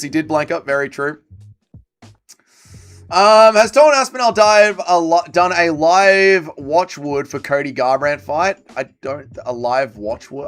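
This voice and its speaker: A man's voice: on the high side, a bit bright. A man hosting a livestream watch party, chatting casually and joking as he reads viewer comments aloud and answers them. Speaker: livestream host.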